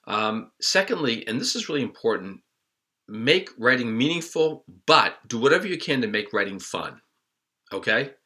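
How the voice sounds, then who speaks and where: A man, a children's author, gives a friendly writing lesson for kids in a relaxed, chatty way with many ums. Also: medium pitch, moderate pace.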